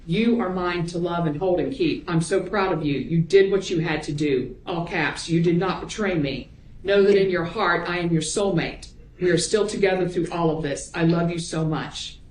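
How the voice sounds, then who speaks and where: A woman prosecutor examining a witness in court, reading emails aloud in a measured, plain way. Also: lowish voice, darkish tone. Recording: roomy courtroom audio.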